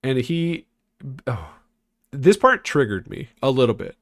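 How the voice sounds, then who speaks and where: A man's voice: mid-range voice, sing-song, measured pace, a bit bright, no room sound, clean studio sound. A man co-hosting a casual rewatch podcast, rambling and swearing as he recaps with sarcastic asides. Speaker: podcast co-host.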